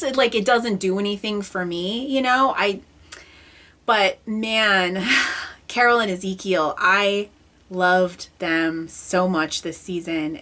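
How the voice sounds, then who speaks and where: A woman's voice: mid-range voice, fairly bright tone. A woman in the middle of her vocal range talks through a TV episode in a loose, rambling way. She fills her talk with "like" and "you know," starts sentences over, and her voice sounds close to tears. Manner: emotional, chatty, frequent fillers and restarts. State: near tears. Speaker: TV show reviewer. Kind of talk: casual video review.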